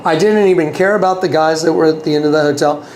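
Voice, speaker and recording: A man's voice: fairly high pitch, quick pace, a little mellow, a little hiss or hum. A man telling a personal story as an interview guest, earnest, often repeating himself and acting out quoted dialogue. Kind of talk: casual storytelling.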